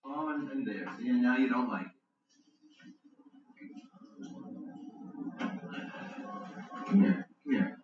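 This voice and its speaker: A man's voice: mid-range voice, expressive, brisk, slight background noise, lightly acted. An actor playing a defensive, short-tempered man, heard as a distant, dull, roomy TV movie track. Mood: angry. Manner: shifts from easy to snapping and coaxing. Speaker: suspect being questioned by police. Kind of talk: TV movie acting. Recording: dull, roomy TV audio from far off.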